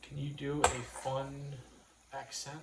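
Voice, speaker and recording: A man's voice: mid-range voice, monotone, vocal fry. Rambling man in a roomy room. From New York. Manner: rambling, halting, full of restarts. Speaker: livestream host. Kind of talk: casual livestream chat. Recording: roomy room with faint noise.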